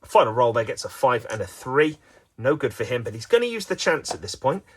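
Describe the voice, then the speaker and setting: A man's voice: medium pitch, big pitch swings, a little fast, background noise. A man giving playful, self-mocking mock sports commentary on a dice game.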